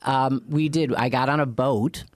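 A man's voice: medium pitch, fairly even intonation, a little slow, no room sound. A man co-hosting a casual chat, telling stories with dry, self-deprecating humor. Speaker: podcast co-host.

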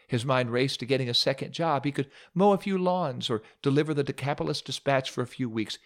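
A man's voice: medium pitch, animated, brisk, hardly any pauses. A man preaching a sermon, retelling a story dramatically with humorous asides.

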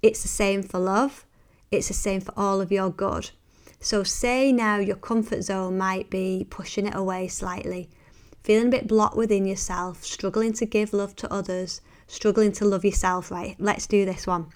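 A woman hosting a motivational podcast, speaking earnestly and encouragingly before easing into a soft, hushed guided visualization. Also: medium pitch, steady tone. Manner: earnest and encouraging, softening to a hushed, slow delivery. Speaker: podcast host and meditation guide.

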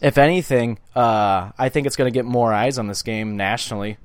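A man's voice: medium pitch, brisk, dry recording. A young man co-hosting a casual sports podcast, heated and swearing freely as he talks. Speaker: podcast co-host.

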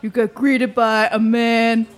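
A woman doing a high gruff Stallone copycat. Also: flat delivery, slow. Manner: blunt one-word echoes, gruff put-on voice. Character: female cafe owner mimicking Stallone, dim, eager. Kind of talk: sketch comedy.

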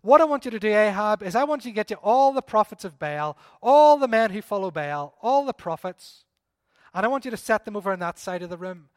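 A man preaching a sermon voices a bold old prophet who challenges and mocks his rivals loudly. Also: sits high, fairly quick, no echo, studio quality, long reverb tail, natural voice. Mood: challenging. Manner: loud, challenging, taunting.

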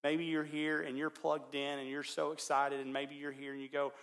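A pastor delivering a sermon built around a story. His voice sits a little high for a man. He swings from loud, excited bursts to hushed, quiet stretches. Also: moderate pace.

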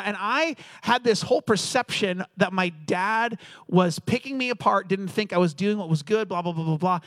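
A man delivers a sermon in a storytelling manner, slipping into quoted voices as he recounts family anecdotes. His voice sits high for a man. The sound is dry and close, with little room echo. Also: normal speed. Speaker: pastor.

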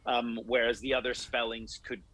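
Husky-voiced man explaining at length. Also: mid-range voice, level tone, bright, forceful tone, low-quality recording. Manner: explanatory, measured, laughs easily. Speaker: martial arts teacher. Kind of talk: interview answers.

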